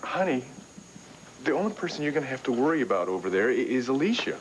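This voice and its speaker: A man's voice: mid-range voice, big pitch swings, fast, a little hiss or hum, close to an everyday voice, rough recording. A man playing a cheerful, reassuring husband. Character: upbeat, supportive young husband. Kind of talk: 1980s TV soap acting.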